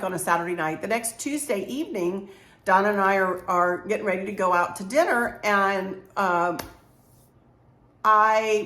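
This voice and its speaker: Hoarse woman, mid-pitched, chatty storyteller, echoey room. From Maryland, US. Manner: rambling, warm storyteller addressing viewers as y'all. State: slightly hoarse. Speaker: craft vlogger. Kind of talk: casual storytelling chat. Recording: roomy echo.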